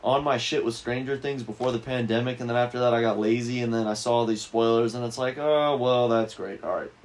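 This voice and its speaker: A man's voice: mid-range voice, level tone, fast talker. A young man co-hosting a casual podcast, laid-back and swearing freely as he chats. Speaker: podcast co-host. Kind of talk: casual crude chat.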